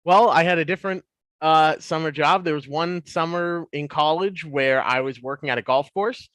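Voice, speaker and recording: A man in his twenties, a podcast guest, telling stories in a casual, animated way. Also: fairly high pitch, moderate pace, dry recording. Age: 20s. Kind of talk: casual storytelling.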